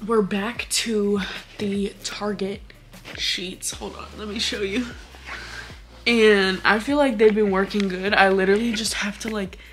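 A woman in her twenties from Hawaii, chatting frankly to camera in a casual vlog, full of fillers and easy swearing. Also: mid-range voice. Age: 20s. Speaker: vlogger.

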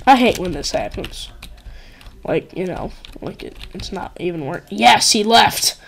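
A woman's voice: on the low side, animated, unhurried, gravelly, slight background noise. A woman hosting a casual game commentary, rambling and giggling with lots of "like" and "um". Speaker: gaming channel host. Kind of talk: casual let's-play commentary.

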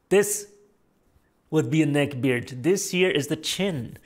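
A man's voice: fairly high pitch, animated, slow, long pauses. A man streaming live, reading out viewer donations in a loose, joking manner with plenty of swearing; his voice sounds worn from talking. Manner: loose, joking, profane banter. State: strained, tiring voice. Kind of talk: casual live-stream chat.

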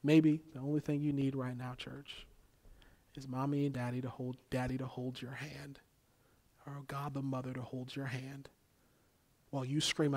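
A young man preaching a sermon as pastor, with a repetitive cadence that swings between loud exhortation and near-whispers. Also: mid-range voice, level tone, fairly quick.

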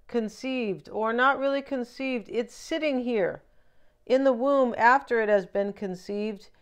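A woman doing a casual tarot reading, chatty and lively, often asking "right?" as she talks. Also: fairly high pitch, clear, resonant tone. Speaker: tarot reader.

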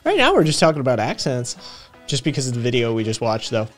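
A man's voice: medium pitch, wildly swooping pitch, quick pace. A man with a slight Tennessee accent chatting loosely on a live stream. He rambles, swears freely and laughs a lot. Faint music runs in the background. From Vermont and Tennessee. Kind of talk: casual live-stream chat.

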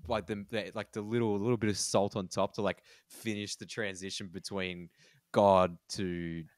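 Podcast co-host, man, very low voice, rambly, lots of "like" restarts. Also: little pitch movement, no room sound, clean studio sound. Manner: rambling, halting with repeated fillers. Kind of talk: casual chat.

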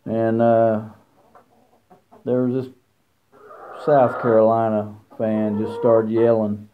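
A man's voice: mid-range voice, measured pace, pauses often, mellow, slight background noise. A man talking casually at a chicken coop outdoors, rambling and teasing, with lots of fillers. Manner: folksy, teasing trash talk with many fillers. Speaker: college football fan vlogger. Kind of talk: casual rambling fan commentary. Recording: tinny phone-like sound outdoors. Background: chickens clucking.

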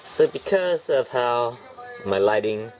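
At home with the TV on behind him and a dog snoring, a toy reviewer grumbles at the packaging in a rambling, sarcastic unboxing. His mid-range, darkish voice is animated, and he takes his time with this casual commentary.

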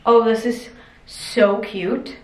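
A young woman vlogging casually, bubbly and excitable, often laughing. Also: fairly high pitch, slow pace. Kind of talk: casual vlog chat.

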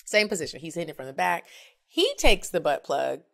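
Frank, animated woman in her thirties. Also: fairly low pitch, a little fast, vocal fry. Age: 30s. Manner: animated, frank storytelling that acts out both sides. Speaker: podcast co-host. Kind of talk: casual storytelling chat.

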